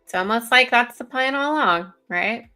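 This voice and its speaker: A woman co-hosting a casual political commentary show over a video call, chatty and giggly, reading news aloud with quick asides. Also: on the high side, animated, bright, forceful tone, faint music behind. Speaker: co-host. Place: home, virtual background.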